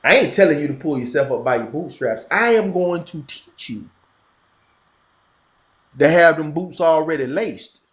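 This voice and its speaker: Animated Florida-accented man, echoey room. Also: on the high side, moderate pace, pauses often. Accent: Florida Southern. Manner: animated, emphatic, repetitive. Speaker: podcast guest. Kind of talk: casual conversation.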